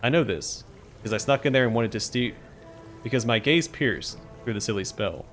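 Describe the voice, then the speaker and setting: A man's voice: medium pitch, expressive, normal speed, fairly bright tone, faint music behind, natural voice. Whiny petulant demon queen, as a man puts her on. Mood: petulant whining. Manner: whining, smug, self-pitying.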